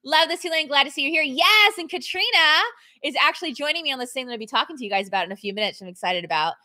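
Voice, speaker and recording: High-pitched, sharp and very fast, her speech has lively intonation. Streaming live from home, this fitness coach speaks candidly and casually, reading viewer comments aloud, thanking people, laughing often and letting her pitch swing up and down.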